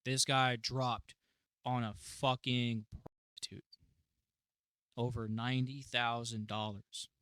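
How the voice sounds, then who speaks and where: A man hosting a reaction video, talking casually and swearing freely, and bursting into laughter often. His voice is mid-pitched with a bright, forceful edge. The sound is dry and close. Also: slow, pauses often, clean tone, no echo. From United States. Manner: profane, excitable, laughing often. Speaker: reaction channel host.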